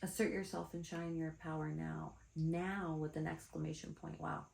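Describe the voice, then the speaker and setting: Doing a card reading, a woman spiritual teacher addresses her viewers directly, chatty and blunt, calling them her darlings. Her low, gravelly voice has a darkish tone and flat delivery at normal speed, in an echoey room.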